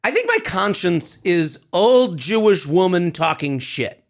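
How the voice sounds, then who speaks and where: A man in his thirties co-hosting a podcast, telling stories in animated casual chat and swearing freely. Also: sits high, measured pace. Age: 30s. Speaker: podcast co-host.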